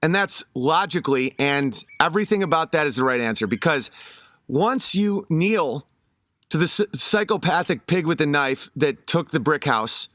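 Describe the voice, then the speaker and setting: Man, fairly high voice, rambling casual monologue, dry close recording. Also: lively intonation, moderate pace, a bit bright, no echo. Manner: rambling, with many fillers and restarts.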